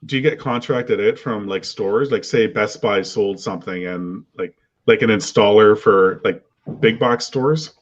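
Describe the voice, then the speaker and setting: A man's voice: lowish voice, unhurried, hardly any pauses, highs cut off. A man hosting a casual panel chat, talkative and asking his guests questions over a video call. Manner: chatty, asks guests questions.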